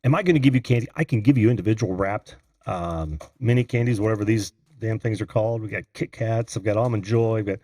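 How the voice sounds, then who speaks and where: A man's voice: on the low side, quick pace, few pauses, dark tone, no echo, clean studio sound. A man from Indiana hosting a live video call-in show, chatting casually, laughing often and greeting viewers by name. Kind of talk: casual live-stream chat.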